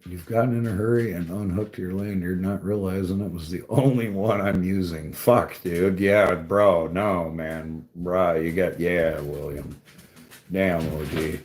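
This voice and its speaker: Brief: casual, profane man, low voice, unhurried rambling delivery, roomy echo on the recording. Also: fairly even intonation, darkish tone. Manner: profane, rambling storytelling with frequent "bro" and "dude". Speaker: tree climber talking to a live chat. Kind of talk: casual chat. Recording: echoey room.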